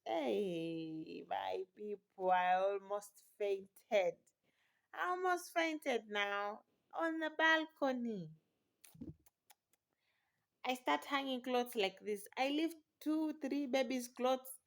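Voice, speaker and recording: A woman's voice: on the high side, takes it slowly, vocal fry. A woman, a new mother, telling a personal story in an exclamatory, dramatic way with frequent laughter.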